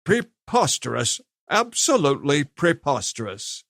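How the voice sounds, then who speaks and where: A man's voice: on the high side, big pitch swings, measured pace, gravelly, a bit bright, no echo, clean studio sound, pitched above the performer's own voice, heavily acted. A man voicing an icy, authoritative male army colonel. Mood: icy commanding. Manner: icy, commanding.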